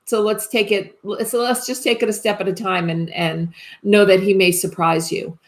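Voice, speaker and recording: A woman's voice: mid-range voice, fairly even intonation, moderate pace. A woman working as a psychic medium, giving a live reading in a tentative, reassuring way and often checking whether she has things right.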